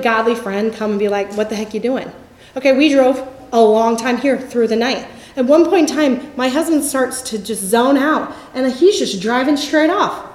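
A woman in her forties giving a Bible teaching talk in a lively storytelling manner. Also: a little high. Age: 40s. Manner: lively storytelling, acts out quotes with laughs. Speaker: campus ministry speaker. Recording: echoey room.

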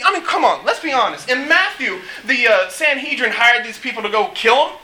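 High-voiced, bright, animated male preacher. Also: a little fast, hardly any pauses, a little hiss or hum, low-quality recording. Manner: animated, joking, acts out quotes. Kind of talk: casual sermon.

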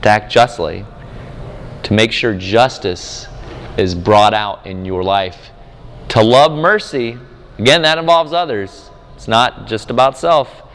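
A man, preaching at a conference, telling a family story with lively acted voices. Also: lowish voice, measured pace. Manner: animated storyteller, acts out his small daughter's voice. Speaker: conference speaker and campus minister. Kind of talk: sermon with storytelling. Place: conference hall. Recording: echoey hall with long reverb.

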